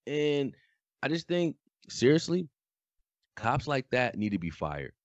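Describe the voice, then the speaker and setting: A man co-hosting a podcast in casual chat, talking in a flat, deadpan way. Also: medium pitch, a little slow, dry recording, highs cut off. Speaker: podcast co-host.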